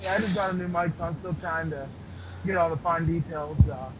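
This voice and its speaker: Soft-spoken male guest, slightly high voice, distant mic with clear noise. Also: fairly even intonation, brisk. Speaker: podcast guest. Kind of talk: casual chat. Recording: distant new mic, noisy line.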